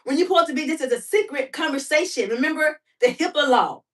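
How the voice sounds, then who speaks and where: A woman hosting a casual livestream, talking to her chat in an animated, talkative way, laughing often and firing off rhetorical questions. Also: high voice, quick pace. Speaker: livestream host. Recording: voice somewhat far from the mic.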